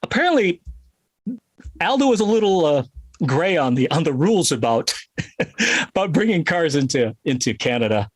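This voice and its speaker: A middle-aged man from Connecticut telling a story in a casual interview, animated and laughing often. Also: a little high, normal speed, long pauses, no echo. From Connecticut, USA. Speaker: guest musician.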